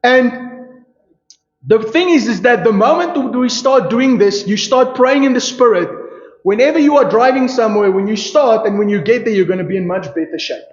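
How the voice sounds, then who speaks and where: Male pastor, high voice, emphatic sermon delivery, echoey church room. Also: normal speed. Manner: emphatic preaching with rhetorical questions and repeated "you see". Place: church hall. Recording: echoey church hall, dull lo-fi sound. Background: congregation calling out responses.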